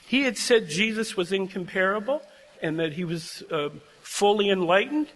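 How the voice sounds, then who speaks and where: An older man with a high-sitting, a bit bright voice and lively intonation speaks at normal speed, giving a heartfelt address to seminary graduates. He tells personal stories earnestly and is prone to tearing up, while the large chapel adds a long reverb.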